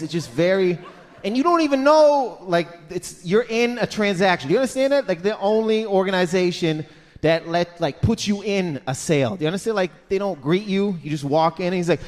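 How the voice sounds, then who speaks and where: A man in his thirties doing stand-up comedy on a club stage, animated and exasperated, breaking into loud impressions. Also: high voice, a little fast, long reverb tail.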